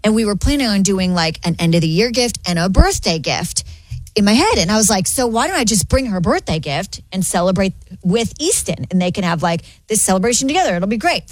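An animated woman in her thirties tells a story to her co-hosts. She chats casually and puts on voices for the people she quotes. The sound is dry and close. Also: medium pitch, brisk, dry recording. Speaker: radio show co-host.

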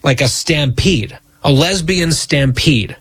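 A man's voice: fairly high pitch, slow pace, a bit bright, breathy edge. A man hosting a radio talk show, bantering with a co-host in a wry, teasing way.

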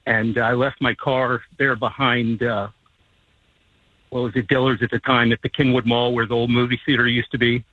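A man calls in to a radio show and tells a story at an easygoing pace, with a lot of fillers along the way. His voice is a little husky. It comes through a tinny phone line that sounds dry and close. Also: medium pitch, level tone, moderate pace, no room sound. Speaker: caller. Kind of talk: telling a story on call-in radio.

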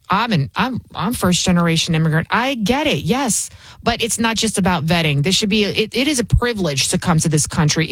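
A woman's voice: medium pitch, no room sound. A woman talk show host delivering political commentary in a combative, sarcastic manner. She leans hard on emphatic phrases. The recording is dry and close, with no room sound.

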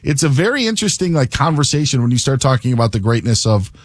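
A man's voice: mid-range voice, very animated, fast talker, no echo, studio quality. A man arguing a point on a sports talk show, rambling and stammering through his thoughts. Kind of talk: casual sports talk banter.

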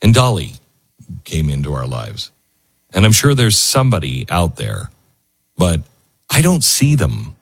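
A man's voice: low-pitched, wildly swooping pitch, unhurried, gravelly, pauses often, breathy edge, no room sound. A man hosting a talk show, speaking in a loose, emotional way with lots of fillers and restarts. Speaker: radio host. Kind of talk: casual on-air talk.

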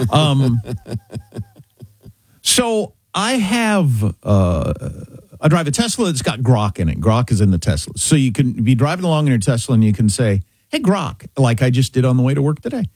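A middle-aged man from Kansas, a talk-show host, telling a chatty, animated story in a casual way. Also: mid-range voice, husky, dry recording. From Kansas, USA.

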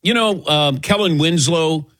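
A man's voice: on the high side, a little slow, fairly bright tone, no room sound. A middle-aged man hosting a sports talk show, telling a self-mocking story in casual banter and acting out the voices he quotes. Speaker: sports radio host.

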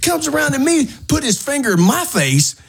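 A middle-aged man hosting a radio show, telling a neighborhood story in a lively, animated way and mimicking shouting neighbors. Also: very high voice, moderate pace.

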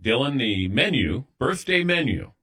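Bright-voiced man hosting sports talk. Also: mid-range voice, unhurried, breathy edge. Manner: relaxed, conversational, reminiscing. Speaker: sports radio host. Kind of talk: casual sports talk show banter.

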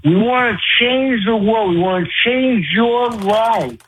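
A man calling in to a radio show, excitable and rambling, laughing often. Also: high voice, slow pace, slight background noise, rough recording. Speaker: regular caller. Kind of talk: call-in radio banter.

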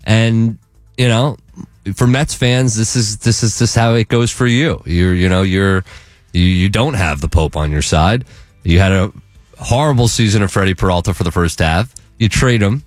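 A man's voice: lowish voice, normal speed, no room sound, faint music behind. A man co-hosting a sports radio show, teasing and playful with his partner. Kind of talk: casual sports radio banter. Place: radio studio. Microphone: studio mic.

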